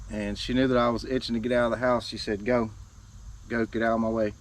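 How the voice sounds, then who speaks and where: A man's voice: lowish voice, slight background noise. A man hosting a casual outdoor cooking vlog at a woodland camp, talking to the camera in a laid-back, folksy way. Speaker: bushcraft channel host.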